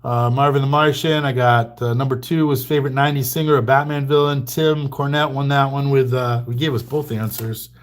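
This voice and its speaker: A man's voice: mid-range voice, steady tone, brisk, hardly any pauses. A man hosting a trading card livestream, telling stories in a loose, rambling way with lots of fillers and little chuckles. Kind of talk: casual livestream chat.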